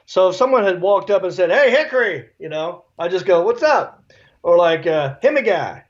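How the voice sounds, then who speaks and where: A middle-aged man, a comedian, telling stories on a video call in a relaxed, joking way. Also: sits high, brisk. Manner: laid-back, jokey storytelling with put-on voices. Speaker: guest comedian. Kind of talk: casual video-call interview. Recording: dull lo-fi call audio.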